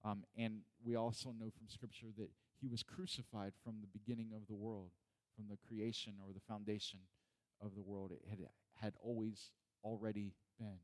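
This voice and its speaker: A man's voice: lowish voice, level tone, normal speed. A man preaching in an earnest Bible study, repeating points and asking questions of his listeners.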